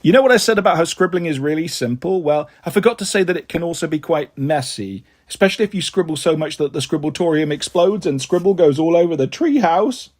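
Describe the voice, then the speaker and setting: A man reading a children's book aloud with playful, animated first-person narration. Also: fairly high pitch, a little fast, few pauses. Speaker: storyteller.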